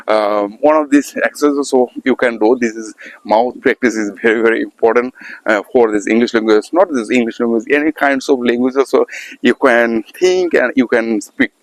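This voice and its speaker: A man with a Bengali accent talks on his own in English, his first language being Bengali. He speaks haltingly, with frequent ums and restarted phrases. His voice sits at an ordinary middle pitch. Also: no room sound, poor audio. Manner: halting, many fillers and repeated restarts. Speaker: English learner vlogger. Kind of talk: casual monologue practicing spoken English.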